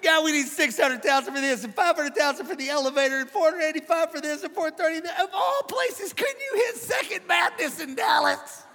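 A man voicing a panicky, whining man who complains to God in a high, shouting voice, in a big hall. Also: brisk, creaky, few pauses, soft background music, exaggerated voice. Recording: long reverb of a big hall.

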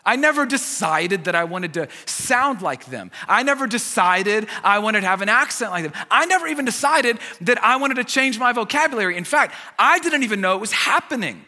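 A man's voice: high voice, bright, forceful tone, in a large hall. An American man preaching a sermon as a pastor, conversational and repeating his key phrases, with self-deprecating humor.

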